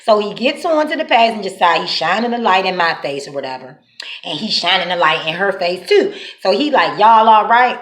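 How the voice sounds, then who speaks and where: Animated woman telling wild stories. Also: fairly low pitch, fairly quick. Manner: animated, profane, slangy. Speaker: vlogger. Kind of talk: casual storytelling. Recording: echoey room.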